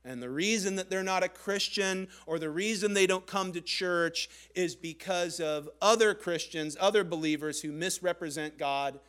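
Bright, high-voiced man preaching earnestly. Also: smooth. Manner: earnest, conversational preaching with dramatic pauses. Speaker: pastor. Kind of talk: sermon.

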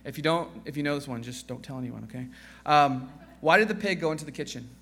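Bright-voiced man preaching a sermon. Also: quick pace. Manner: casual, joking, with frequent fillers and restarts; quieter and lower in prayer. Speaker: guest pastor.

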